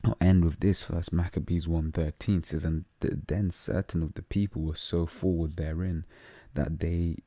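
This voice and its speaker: A London man who teaches religion reads out Bible verses and breaks them down in casual slang, with plenty of fillers. He speaks low and steady at a moderate pace, his tone dark, with no room sound.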